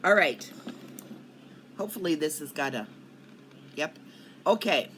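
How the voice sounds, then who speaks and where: An older cannabis vlogger speaks a little slowly in a low-pitched, animated and fairly bright voice, with slight background noise. She chats casually and ramblingly to the camera at home in Colorado, coughing often.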